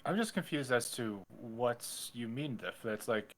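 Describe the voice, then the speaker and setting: A man playing a tabletop game, speaking in a halting, unsure way. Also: mid-range voice, expressive, a bit bright, slight background noise. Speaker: player. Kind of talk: tabletop role-play chat.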